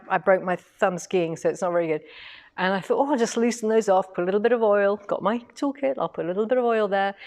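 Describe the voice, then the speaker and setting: A middle-aged woman from England, hosting a quilting shop's live stream in a chatty, lively way and reading out viewer comments. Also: mid-range voice. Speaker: quilting shop host.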